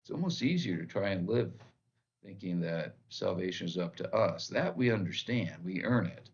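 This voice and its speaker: A man's voice: low-pitched, expressive, moderate pace, creaky, lo-fi sound. A man who is a pastor, giving an earnest, plain-spoken devotional sermon with short repeated phrases. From United States.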